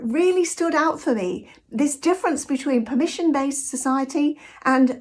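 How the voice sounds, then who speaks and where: A woman's voice: sits high, normal speed, hardly any pauses, a little mellow. A British woman talking in a direct, conversational monologue, telling anecdotes from her own life. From Britain. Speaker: vlogger. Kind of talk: casual reflective monologue.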